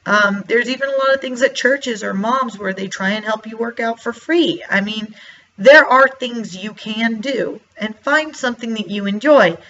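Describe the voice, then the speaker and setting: A woman talking straight to her viewers in a relaxed, chatty way, her voice bright and forward. She slips into her own past thoughts as she goes. The recording sounds a little dull and lo-fi. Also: a little high, normal speed, slight background noise. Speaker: vlogger. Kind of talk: casual motivational talk to camera.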